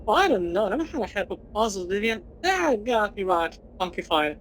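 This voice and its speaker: A man's voice: sits high, big pitch swings, brisk, a bit bright, slight background noise, low-quality recording. A woman voicing a boastful old male cowboy from a video game, talking in a folksy Western drawl. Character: drawling old cowboy, quickest draw in the West. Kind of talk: reading game dialogue aloud in a put-on voice.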